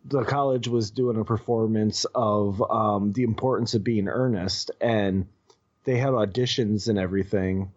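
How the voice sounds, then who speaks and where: A man's voice: lowish voice, fairly even intonation, moderate pace. Rambling Midwestern guy, muffled. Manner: rambling, casual storytelling with frequent fillers and swearing. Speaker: podcast guest. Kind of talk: casual chat.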